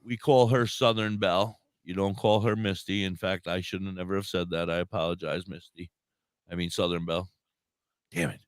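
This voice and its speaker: A man's voice: sits low, fairly even intonation, a little fast, smooth, dry recording. A man co-hosting an online radio show, chatting casually and playfully with goofy sound effects and exclamations. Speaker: radio co-host.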